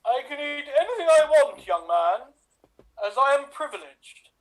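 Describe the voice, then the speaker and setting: A man's voice: very high-pitched, big pitch swings, normal speed, rough recording. A man playing a pompous, posh, self-important actor in an improv comedy scene, haughty and theatrical.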